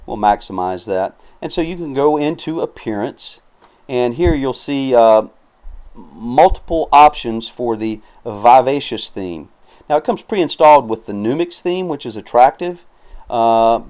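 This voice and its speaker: A man narrates a software walkthrough over his screen recording, easygoing and chatty. His voice is smooth and clear at a middling pitch, and he often fills pauses as he goes. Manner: relaxed, chatty, with frequent fillers and asides. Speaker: software reviewer.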